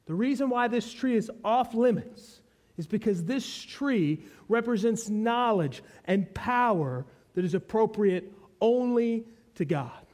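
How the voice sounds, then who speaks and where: A man's voice: high-pitched, animated, unhurried, darkish tone. A man preaching an expository sermon, teaching with emphasis and repeating key phrases.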